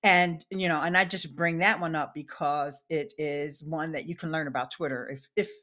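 A woman's voice: sits low, steady tone, moderate pace, pushed and bright. A woman guest on a live-streamed chat show, friendly and easy to laugh. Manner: friendly, greets viewers by name, laughs easily.

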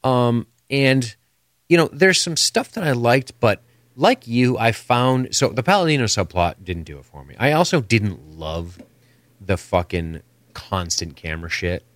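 A man's voice: mid-range voice, animated, measured pace, a bit bright, no echo, clean studio sound. A man co-hosting a podcast, chatting casually and opinionated, rambling and swearing freely. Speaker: podcast co-host. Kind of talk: casual chat.

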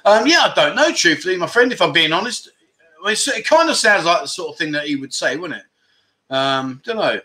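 A chatty man hosts a livestream and riffs on viewer comments. His voice sits a little high and rings bright and forceful. He jokes around, wanders off topic and forgets names mid-sentence. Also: big pitch swings, fairly quick. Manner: rambling, jokey, loses his train of thought. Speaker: livestream host. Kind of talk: casual livestream chat, reading viewer comments.

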